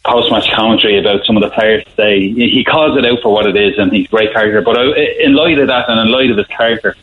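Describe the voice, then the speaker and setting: A man's voice: on the low side, fast. A man calling in to a radio show, chatting in a rambling way with many restarts. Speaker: caller. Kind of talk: phone-in chat. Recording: tinny phone line.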